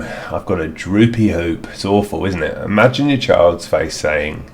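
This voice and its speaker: A man's voice: low voice, lively intonation, measured pace, vocal fry, hardly any pauses. A man outdoors in a garden, talking through a DIY product review in a rambling, hesitant way with many fillers.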